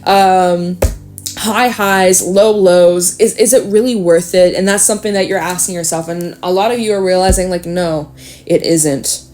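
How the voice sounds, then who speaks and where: A woman's voice: fairly low pitch, moderate pace. Chatty woman giving a tarot reading. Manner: chatty, swearing, talking straight to the listener; animated, with sudden laughs and exclamations. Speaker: tarot reader. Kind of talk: casual tarot reading to camera.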